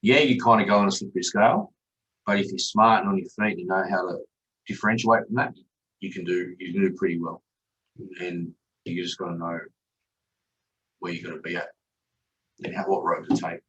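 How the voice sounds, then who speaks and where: Deep-voiced aussie bloke, blunt and sweary, telling his story on a podcast. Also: steady tone, fairly quick, pauses often, a bit bright, recorded from a distance, dull audio. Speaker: podcast guest, chef and father. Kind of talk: candid conversational storytelling.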